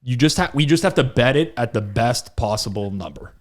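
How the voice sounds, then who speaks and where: A man talking casually as co-host of a sports betting podcast, his voice at an ordinary middle pitch for a man. He tells stories with energy, breaks into laughter and puts on quick voices for the people he quotes. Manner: animated storyteller, laughs often, acts out quotes. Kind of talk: casual chat.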